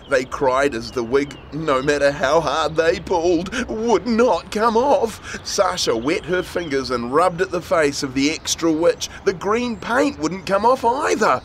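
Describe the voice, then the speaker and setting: A man reading a children's story aloud in a playful, expressive way. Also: on the high side, measured pace, few pauses, a little hiss or hum.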